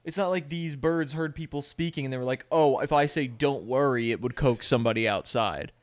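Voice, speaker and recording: A man's voice: mid-range voice, brisk. A male streamer giving casual live reaction commentary, rambling, swearing and joking.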